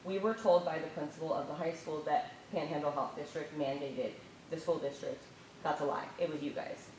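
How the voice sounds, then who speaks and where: A woman with a low voice speaks as a parent at a school board meeting, indignant and accusing. She stands well back from the mic. The sound carries through a very echoey hall with a faint rumble behind it. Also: steady tone, a little fast, darkish tone, recorded from a distance. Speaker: parent giving public comment. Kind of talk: impassioned public comment.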